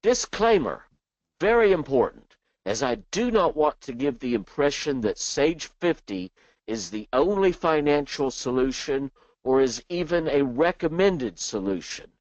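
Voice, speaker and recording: Male webinar presenter, chatty and joking, animated delivery, dry muffled recording. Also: medium pitch, measured pace, dry recording. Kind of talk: software training webinar. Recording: dull dry lo-fi sound.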